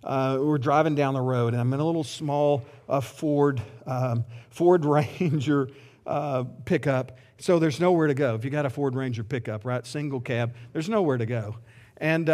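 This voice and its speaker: A man's voice: mid-range voice, a little mellow. A middle-aged man preaching a sermon as pastor, earnest and heartfelt, often restarting his sentences.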